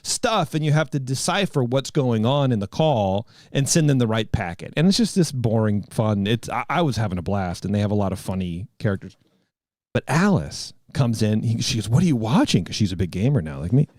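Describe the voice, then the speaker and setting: A man's voice: on the low side, expressive, a little fast, a little mellow, no room sound, studio quality. A man in his thirties hosting a podcast, telling a rambling story in casual chat. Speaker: podcast host.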